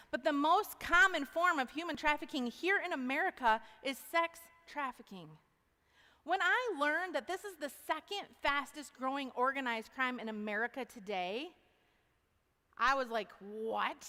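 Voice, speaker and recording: A woman giving an animated testimony talk to an audience, folksy, calling them y'all. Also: high-pitched. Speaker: speaker at a university event. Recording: long hall reverb.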